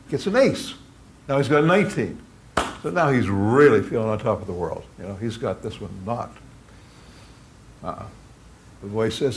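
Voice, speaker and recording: A man telling a long joke at a college talk, a lively storyteller who acts out the characters. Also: mid-range voice, normal speed, long pauses. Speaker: speaker at a philosophy humor talk. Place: lecture at a college.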